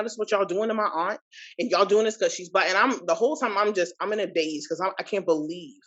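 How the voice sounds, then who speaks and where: A woman in her thirties, a podcast guest, recounting a personal experience in an animated, indignant way with many asides. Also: mid-range voice, dull audio. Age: 30s. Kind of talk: personal storytelling.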